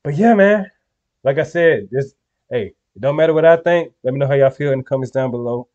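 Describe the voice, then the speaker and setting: A young man giving casual reaction commentary, tossing slang at his viewers in a loose, laid-back way. His voice is mellow and somewhat dark, and the recording sounds a little dull and lo-fi. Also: mid-range voice, fast talker. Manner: laid-back slangy talk to viewers, frequent "you feel me". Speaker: reaction video host.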